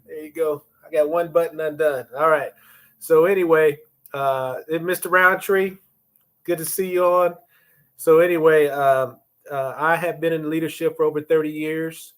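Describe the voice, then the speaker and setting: Man, 50s, slightly higher voice, casual livestream host, chatty, greets viewers by name, phone or webcam audio. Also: steady tone, moderate pace, a bit bright.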